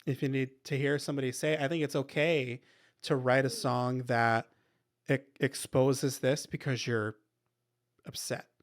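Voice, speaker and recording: A man hosting a casual interview, speaking supportively to an old friend with halting restarts. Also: medium pitch, flat delivery. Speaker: podcast host.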